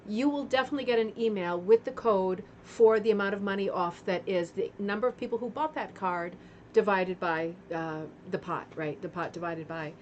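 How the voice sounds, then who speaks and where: With a fan going behind her, a woman streams a casual craft club session from home, greeting viewers individually and chatting as she gets over a sore throat. Her voice sits in the mid range at a normal speed, the recording loses its high frequencies, and a little background noise comes through.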